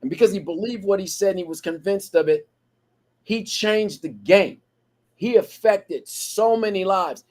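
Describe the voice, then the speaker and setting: A man's voice: sits high, a little slow, a little mellow. A man co-hosting a podcast, talking in a preachy motivational cadence built on repeated phrases. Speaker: podcast co-host.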